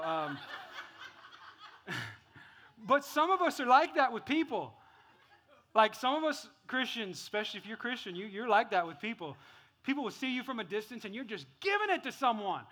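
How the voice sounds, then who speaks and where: A middle-aged pastor preaches in a high-pitched, animated voice at a slightly fast clip. Playful, he laughs at his own jokes and swings between loud acted-out bits and quiet, earnest talk.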